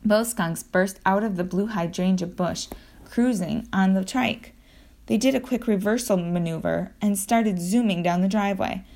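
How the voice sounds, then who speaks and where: A woman reading a children's adventure book aloud, telling it lively and acting out the sound effects. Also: medium pitch, moderate pace. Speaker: audiobook narrator.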